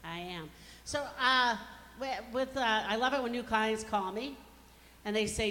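Brash bright-voiced woman comic. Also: fairly high pitch, measured pace. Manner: brash, self-mocking punchline delivery. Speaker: stand-up comedian. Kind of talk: stand-up comedy routine. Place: comedy club stage. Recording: reverberant hall, faint background noise.

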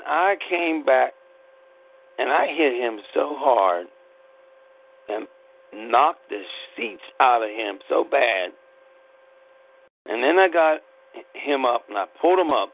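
Middle-aged man, gravelly, blunt and profane storyteller; tinny phone-line sound. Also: medium pitch, unhurried, pauses often. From Pittsburgh, United States. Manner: blunt, profane, animated retelling. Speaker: podcast host. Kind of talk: rambling personal storytelling.

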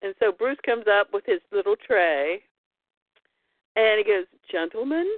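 A woman co-hosting a casual chat, retelling a story in an animated way and laughing often. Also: mid-range voice, measured pace, no echo. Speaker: podcast co-host. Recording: tinny phone-like line.

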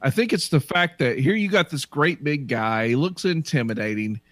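Opinionated man with a lively voice. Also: a little high, normal speed, no room sound. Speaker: ring announcer guest. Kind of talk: casual chat.

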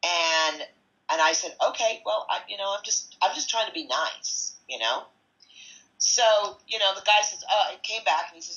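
A woman who organizes tickets for a supporters' club, telling stories in a chatty, animated podcast style. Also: lowish voice, normal speed, highs cut off. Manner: chatty, animated, retells conversations with asides. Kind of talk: casual podcast storytelling.

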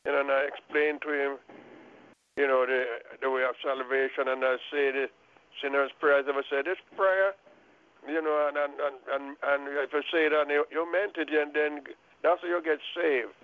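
A man from Jamaica with a Jamaican accent, telling a testimony on a prayer call line in an earnest, halting way with many restarts. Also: a little high, fairly even intonation. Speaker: caller sharing a testimony. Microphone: telephone. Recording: phone line.

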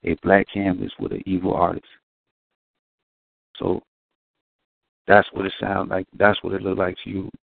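A man's voice: low-pitched, completely flat delivery, normal speed, vocal fry, pauses often, dry recording. A man talking in a casual podcast discussion, preachy and profane, acting out quotes in between. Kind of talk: casual street-talk discussion. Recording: dry, phone-like band.

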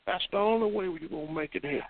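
Talking fast in a high voice, this East Texas man on a chat line lectures and argues hard, circling back to the same points again and again. The heated exchange is captured over a tinny phone connection with static.

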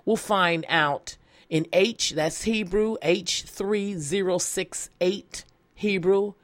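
A woman's voice: medium pitch, slow pace, no echo. A woman pastor preaching a sermon and reading scripture, earnest and emphatic, repeating key phrases. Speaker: pastor and evangelist.

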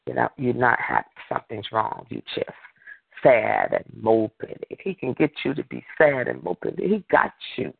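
A man's voice: mid-range voice, very animated, moderate pace, vocal fry, slightly rough, no room sound. A male preacher giving a fervent sermon over a prayer line, building it on repeated phrases and calls for an amen. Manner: repetitive call-and-response preaching, fervent. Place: remote prayer line by phone. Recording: tinny phone line.

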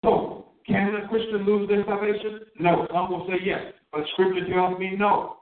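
A man's voice: sits high, completely flat delivery, reverberant, far from the mic, narrow, tinny audio. A man preaching a sermon, drawing out his key words and asking his listeners questions. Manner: emphatic, drawn-out stresses on key words.

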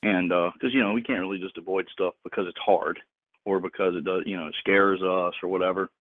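A man hosting a Bible teaching segment on a call-in show, talking in a relaxed, rambling way with jokes. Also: deep voice, fairly quick, dry recording. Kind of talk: casual talk, teaching. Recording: tinny phone-line sound, dry.

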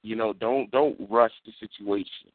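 A man's voice: on the low side, fairly even intonation, normal speed, no echo. A man co-hosting a wrestling podcast, casual and emphatic, repeating his points. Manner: repetitive, emphatic, says "you know what I mean". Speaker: podcast co-host. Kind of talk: casual chat. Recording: dry tinny phone-like sound.

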